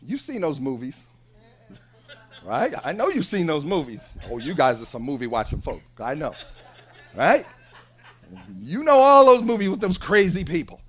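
A preacher delivering an animated sermon, shouting at times, laughing, and acting out quoted people. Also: mid-range voice, slightly rough.

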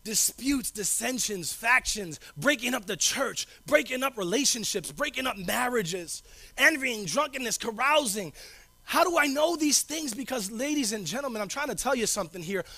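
A man with a strikingly high, bright voice preaches a sermon as a pastor, talking in a casual, slangy way. He hammers his points home by repeating phrases, swinging from loud declarations to low, quiet asides. The recording is dry and close. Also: animated, moderate pace, dry recording. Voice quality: informal slangy delivery.

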